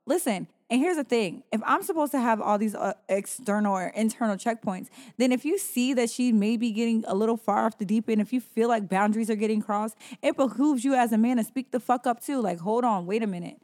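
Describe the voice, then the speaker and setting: A woman's voice: fairly high pitch, a little fast, hardly any pauses, a little mellow, big-room sound. A woman co-hosting a podcast, pushing back emphatically in casual, profane debate. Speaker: podcast co-host. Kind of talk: casual opinionated chat.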